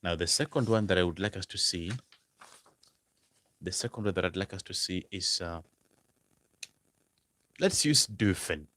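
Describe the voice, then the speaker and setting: A man teaching a language lesson, repeating example phrases slowly and stressing each word. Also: low-pitched, expressive, bright, forceful tone, dry recording. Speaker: German language tutor. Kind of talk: slow, repetitive language lesson.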